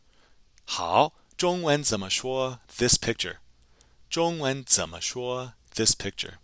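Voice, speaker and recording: A man teaching a recorded language lesson, patiently explaining grammar and repeating phrases slowly for learners to copy. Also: medium pitch, sing-song, a bit bright, no echo. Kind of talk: pre-recorded lesson narration.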